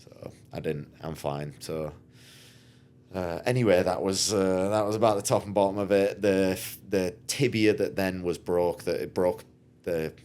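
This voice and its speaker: A man's voice: low-pitched, normal speed. A man, a podcast guest and racer, telling his story in a casual, rambling way, acting out what others said. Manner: rambling, animated, acts out quotes.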